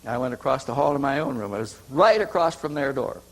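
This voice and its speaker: A man's voice: medium pitch, animated, a little fast, a bit bright, low-quality recording. A man speaking at a conference, telling a long personal story in a rambling way, restarting sentences and repeating words as he goes. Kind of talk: anecdotal storytelling. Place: conference hall.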